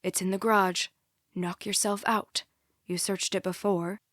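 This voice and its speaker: A woman's voice: mid-range voice, little pitch movement, measured pace, a bit bright, no room sound, clean studio sound. A woman voicing an angry father who speaks curtly and with derision, in an audiobook. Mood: curt, defiant. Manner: curt, derisive. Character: angry, tense father, curt and defiant.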